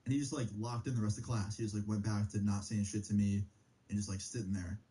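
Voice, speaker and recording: Casting note: young male streamer, laid-back storyteller, dark mellow tone, loose and profane. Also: on the low side, flat delivery, fast talker, rough recording. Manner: rambling, profane, heavy use of filler like. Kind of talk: casual storytime.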